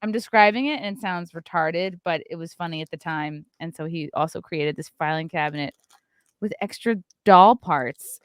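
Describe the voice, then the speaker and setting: Chatty woman podcast host, low voice. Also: clear, resonant tone, dry recording, clean studio sound. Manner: chatty, animated, quick asides. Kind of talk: casual chat and sponsor read.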